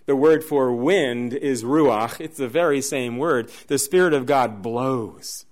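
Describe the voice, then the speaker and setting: A man preaching a sermon, telling stories in an animated, lively way. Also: mid-range voice, slow pace. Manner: animated storyteller, shouts and laughs in the dramatic parts. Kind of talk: sermon with storytelling.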